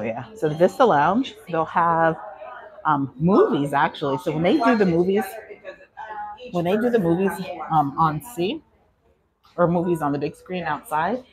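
A woman's voice: low-pitched, poor audio. A woman vlogger giving a chatty live walking tour of a cruise ship, answering chat questions, a little out of breath. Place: aboard a cruise ship, indoor decks.

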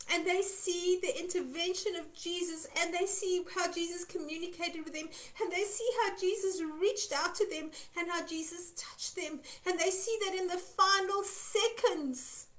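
Very high-voiced earnest woman preaching. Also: a bit bright. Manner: earnest, emphatic, repeats phrases for stress. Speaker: Christian minister. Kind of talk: devotional teaching talk.

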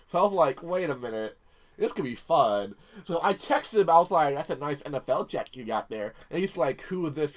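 A man's voice: on the high side, a bit bright. A man giving casual gameplay commentary, telling stories animatedly, swearing and laughing often. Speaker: gaming YouTuber.

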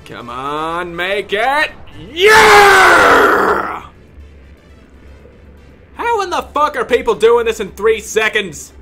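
A man doing angry gameplay commentary, ranting, yelling and cursing at the game, then muttering low under his breath between outbursts. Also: big pitch swings, measured pace, hardly any pauses, over music. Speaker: gaming video creator.

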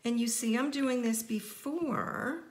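A woman's voice: on the high side, slow. A middle-aged woman teaching a casual card-making tutorial, chatty and playful as she jokes with her viewers.

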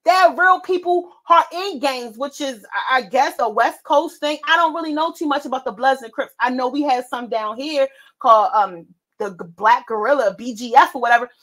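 A woman with a high, lively voice hosts a casual stream. She tells stories in a brash, animated way, roasting the people in them. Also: a little fast, low-quality recording. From United States. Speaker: livestream host. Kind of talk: casual storytelling chat.

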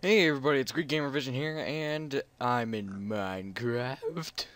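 A man's voice: medium pitch, slow pace, music in the background. A man hosting a casual video game let's play, talking through what he sees in a rambling, unsure, self-deprecating way. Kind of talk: casual gameplay commentary.

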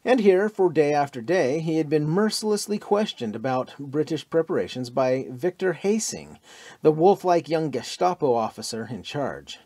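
Male audiobook narrator, dramatic and animated, dry studio sound. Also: on the high side, moderate pace, no echo. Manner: dramatic, expressive reading.

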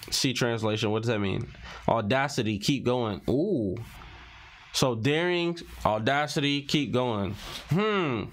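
Casual male commentator, unhurried delivery, mumbles through captions as he scrolls. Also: medium pitch, slight background noise. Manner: reads captions aloud, muttering and reacting. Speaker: commentary vlogger. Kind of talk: casual commentary while scrolling social media posts.

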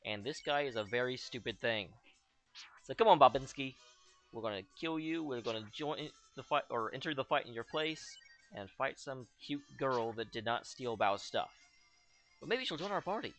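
A man's voice: medium pitch, lively intonation, normal speed, a bit bright, faint music behind. A young man giving casual, joking commentary over his own gameplay, full of sarcastic asides. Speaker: let's play host.

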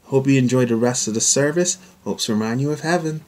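A man's voice: mid-range voice, brisk, a little mellow. A man teaching children at church, delivering a short devotional in a sing-song rhyming style. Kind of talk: rhyming devotional talk for kids.

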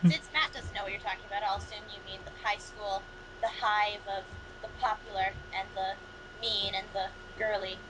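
A woman's voice: mid-range voice, fairly even intonation, moderate pace, background noise. A woman chatting on a movie podcast in a teasing, talkative way, full of "like". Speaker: podcast co-host. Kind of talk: casual movie chat.

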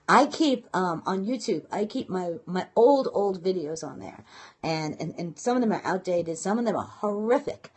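A woman with a Brooklyn accent talking casually to viewers on a live stream, quick and chatty with lots of fillers and restarts. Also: fairly low pitch, husky. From Brooklyn, New York. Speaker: blogging and marketing coach. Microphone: phone or webcam live stream.

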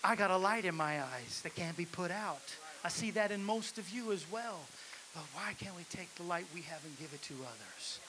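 High-voiced man preaching a sermon. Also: moderate pace. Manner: exhorting the congregation, building to shouts. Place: church sanctuary. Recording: hissy live church recording.

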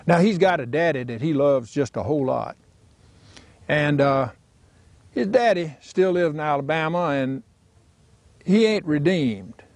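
A man telling a folksy story with dramatic pauses. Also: mid-range voice, a little mellow, dry recording. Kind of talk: recorded storytelling.

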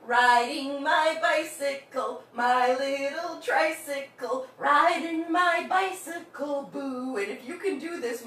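A woman's voice: high-pitched, a bit bright, echoey room, distant mic. A woman in her fifties leading a playful online music class for young children, singing call-and-response songs. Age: 50s. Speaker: kids' music teacher.

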